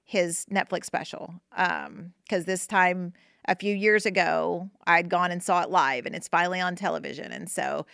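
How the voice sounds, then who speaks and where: A woman hosting a podcast, talking casually and gently about grief, reassuring listeners with lots of fillers and restarts. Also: fairly low pitch, fairly even intonation, normal speed, vocal fry, clear, resonant tone, no echo, studio quality. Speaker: podcast host.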